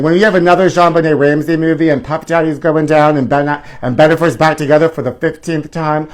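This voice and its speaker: A man's voice: on the high side, expressive, brisk. A man hosting a live celebrity gossip show in a flamboyant, theatrical manner, calling his viewers honey. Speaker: host. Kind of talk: campy celebrity gossip chat.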